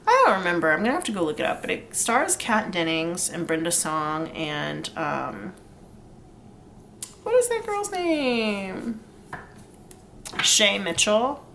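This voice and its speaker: A woman's voice: mid-range voice, sing-song, slow, creaky, long pauses, fairly bright tone, a little hiss or hum. A young woman doing a casual pick-a-card tarot reading, chatty and rambling with lots of fillers and laughs. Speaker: tarot reader.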